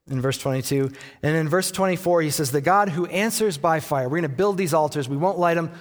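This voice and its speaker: A man preaching a sermon as a pastor, telling the story in a lively way and acting out the quoted lines with playful taunts. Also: a little high, a little fast, long reverb tail.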